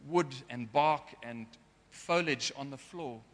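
A man's voice: mid-range voice, slow. A man preaching a sermon in an earnest way, sometimes getting emotional. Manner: earnest, gets emotional at times. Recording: long hall reverb.

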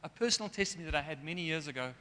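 A man's voice: on the high side, animated, rapid-fire, bright, forceful tone, slight background noise. A man preaching a sermon in an earnest way, sometimes getting emotional. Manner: earnest, gets emotional at times. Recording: long hall reverb.

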